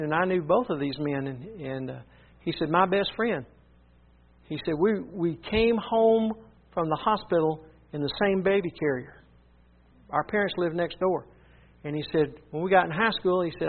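A man's voice: a little high, breathy edge. A man preaching, earnestly retelling a story and repeating "he said" as he goes. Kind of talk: sermon storytelling. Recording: tinny phone-like sound.

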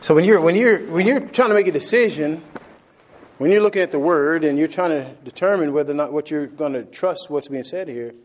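A man preaching a sermon, animated, laughing often and repeating phrases for emphasis. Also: on the high side, fairly quick.

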